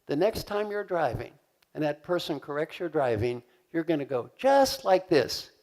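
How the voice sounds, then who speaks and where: An older man from the United States giving a motivational keynote to a conference audience, animated and acting out voices as he asks the crowd questions. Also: a little high, moderate pace. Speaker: keynote speaker. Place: large conference hall.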